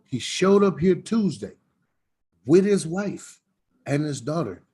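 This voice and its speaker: Middle-aged guy, husky voice, folksy preachy storyteller at his bbq place. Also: mid-range voice, lively intonation, normal speed, warm tone. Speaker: smokehouse owner. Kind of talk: storytelling chat.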